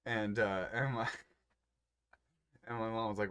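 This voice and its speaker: A man's voice: lowish voice, fairly even intonation, slow pace, fairly bright tone, smooth, no echo. A man rambling in a laid-back, profane way during a casual podcast chat while smoking. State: smoking cannabis. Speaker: podcast co-host.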